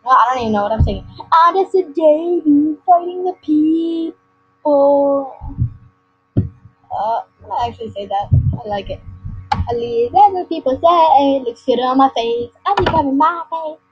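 A woman's voice: high voice, expressive, fairly quick, breathy edge. A girl talking her way through an online game in a silly, rambling way, with sudden sing-song outbursts. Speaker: gamer recording her screen. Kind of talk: casual gameplay commentary. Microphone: computer mic. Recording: lo-fi screen recording with faint game music.

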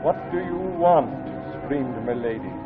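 An actor playing a male reading machine that reads stories aloud in a measured voice, in a live 1950s TV drama. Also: medium pitch, lively intonation, lightly acted. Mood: steady reading. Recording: tinny 1950s TV speaker audio with music.

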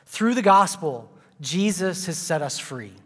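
Man, guest preacher, comic storyteller, high bright voice, echoing church hall. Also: a little slow. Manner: animated, comic storyteller with playful asides. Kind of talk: sermon with humorous storytelling.

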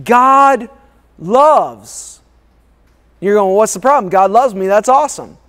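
A man's voice: high-pitched, fast talker. A man preaching a sermon as a pastor, emphatic and repetitive, calling for responses from the congregation. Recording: long reverb of a large hall.

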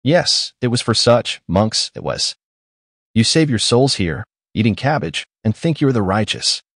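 A man's voice: lowish voice, sing-song, unhurried, dry recording, clean studio sound, heavily acted. A man voicing a buffoonish, lying old father who splutters and rants theatrically in an audiobook. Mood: mocking. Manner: shouting, mocking, self-dramatizing. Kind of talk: audiobook character reading.

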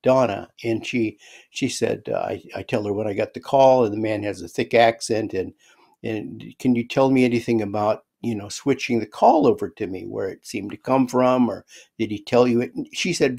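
An older man with a gravelly, creaky voice tells a personal story in an easygoing way. He livens it up by acting out the voices of the people he quotes. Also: on the low side, moderate pace. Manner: animated retelling, acts out quoted voices. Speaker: guest storyteller. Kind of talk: casual spoken storytelling.

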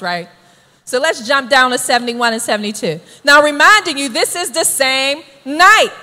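High bright-voiced woman preaching. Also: long reverb tail. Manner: emphatic, keeps asking "right?". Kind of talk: sermon.

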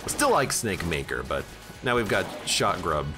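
A man's voice: deep voice, big pitch swings, normal speed, over music. A man giving casual, jokey gameplay commentary while streaming and chatting with his viewers. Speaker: streamer playing a video game.

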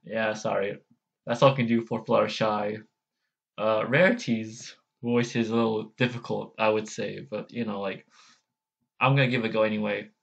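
A man's voice: on the low side, steady tone, moderate pace, vocal fry, muffled recording. A man chatting casually on a vlog, hesitant and self-deprecating, with many restarts. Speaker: vlogger.

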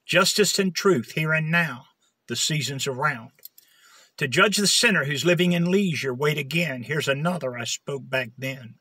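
Man chanting rhymy prophecy lines, bright husky voice, dry close sound. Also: fairly high pitch, moderate pace, no room sound. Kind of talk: prophetic recitation.

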